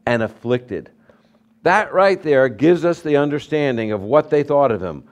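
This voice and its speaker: A pastor preaching a sermon, telling stories with lively swings between loud emphasis and soft asides. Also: male voice, mid-range voice, a little slow.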